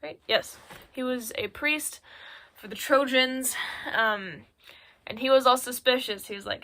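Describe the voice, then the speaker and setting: A woman's voice: high-pitched, a little slow, pauses often, a bit bright. A teenage girl presenting a school project on a phone recording, retelling a story in a chatty, irreverent way full of filler words. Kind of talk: casual spoken recap in slangy storytelling.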